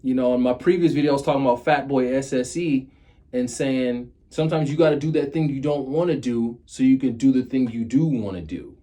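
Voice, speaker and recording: A man in his thirties speaks straight to his viewers in a casual motivational talk, his pitch sitting right in the middle for a man. he talks earnestly, circles back and repeats phrases until they land, and sounds like he is sharing lessons he learned the hard way. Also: fairly quick, warm tone. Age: 30s. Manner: earnest and repetitive, drives points home by repeating phrases. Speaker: motivational vlogger.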